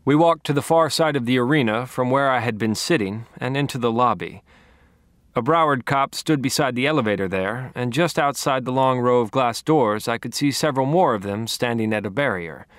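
A man narrating a novel in the first person with a wry, deadpan delivery. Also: medium pitch, brisk, dry recording, clean studio sound. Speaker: audiobook narrator.

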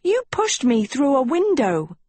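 A woman's voice: sits high, big pitch swings, unhurried, a little mellow, no echo, voice pushed up. A woman voicing a frightened young heroine who stammers and speaks shakily. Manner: shaky, stammering.

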